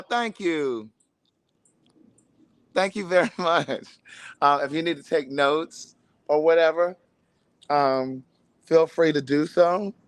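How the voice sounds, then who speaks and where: A man's voice: fairly high pitch, a bit bright, clear, resonant tone. A man hosting his own show, showy in intros and loosely chatty on a phone live stream from a backyard. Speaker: host. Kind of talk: scripted promo and casual live stream. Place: friend's house, backyard.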